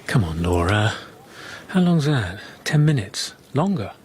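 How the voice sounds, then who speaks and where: An actor playing a sarcastic English husband in a radio drama whose dry wit turns to worry. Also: male voice, lowish voice, big pitch swings, unhurried, a little mellow, slightly rough, full character voice. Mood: mocking. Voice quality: dry sarcastic humour, turning anxious. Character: sardonic anxious English husband, John. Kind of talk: BBC radio drama acting.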